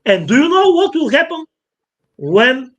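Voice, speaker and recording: A man voicing a mischievous newborn boy god who feigns shocked innocence in a squeaky, incredulous tone. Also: very animated, unhurried, fairly bright tone, dull audio, exaggerated voice. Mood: sly.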